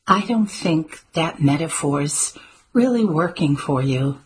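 A woman's voice: low-pitched, expressive, takes it slowly, slightly rough, full character voice, rough recording. A woman voicing a dry, wry grandmother. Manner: dry, teasing quips. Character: wry, sharp-tongued grandmother, older woman. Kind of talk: audiobook character voice.

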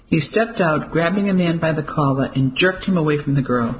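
An audiobook narrator reading a novel in steady, clear storytelling. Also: mid-range voice, a little fast, slight background noise, poor audio. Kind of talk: scripted narration.

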